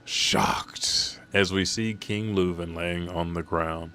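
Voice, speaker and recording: A man's voice: low voice, steady tone, takes it slowly, hardly any pauses, fairly bright tone. A man casually recapping a manga chapter, rambling and swearing as he goes.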